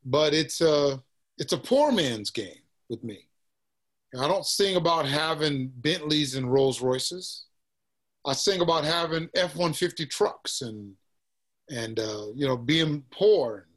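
A man from Texas with a Southern accent, a musician guest chatting casually in an interview, relaxed and peppering his talk with "man" and "you know.". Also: on the high side, slow. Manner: laid-back, says "man" and "you know" often, laughs easily.

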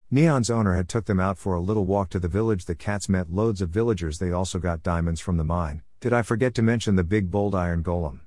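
A man's voice: low-pitched, darkish tone, no echo, clean studio sound. A man reading a chapter story aloud in a plain storybook manner, with small restarts.

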